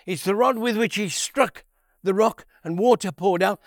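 Bible teacher, male, high voice, dry close sound, unhurried, repeats himself for emphasis. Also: expressive, no room sound. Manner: unhurried, repeats key phrases, asks rhetorical questions.

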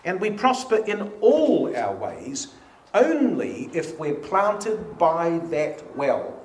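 A man's voice: fairly high pitch, a little mellow. A man leading a church study meeting, reading hymn and psalm lines aloud with emphasis. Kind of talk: informal Bible study talk. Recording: echoey room with faint hiss.

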